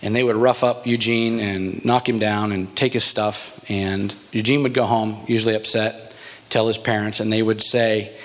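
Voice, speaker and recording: A man, a church pastor, telling a story in a sermon in an animated, storytelling way. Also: fairly low pitch, moderate pace.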